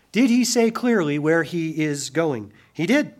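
Preaching in a slightly high, sing-song voice, this pastor imitates the people he quotes and suddenly turns loud, then goes quiet and slow on the solemn moments.

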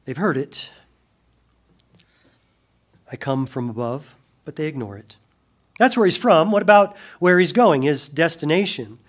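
A pastor with a fairly high, husky, animated voice delivers a sermon. He acts out quoted voices with sudden loud rises, then drops soft and slow on the solemn points.

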